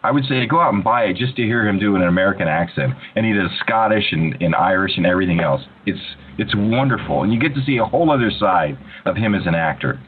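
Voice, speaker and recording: A man in casual interview chat, an animated storyteller who often restarts his sentences. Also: deep voice, fast, few pauses. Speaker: voice actor guest. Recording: tinny phone-like line with faint hiss.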